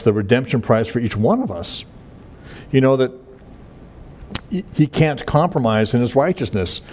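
A man gives a verse-by-verse Bible teaching in a relaxed, conversational voice. He talks in a halting way, with many fillers and restarts. His pitch sits in an ordinary middle range.

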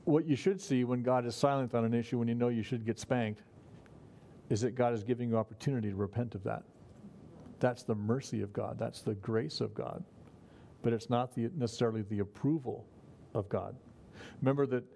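A man's voice: medium pitch, fairly quick, gravelly, warm tone, slight background noise. A man preaching a conversational sermon, folksy in manner and chuckling at his own remarks. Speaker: pastor.

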